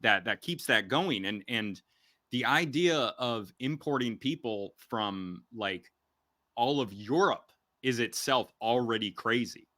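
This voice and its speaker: A young man talking on a podcast in a bright, tense voice, close to the mic in a dry, dead room. He rambles emphatically, stumbling over restarts as he chases his point. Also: mid-range voice, animated, takes it slowly, no room sound. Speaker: podcast host. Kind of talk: casual podcast conversation.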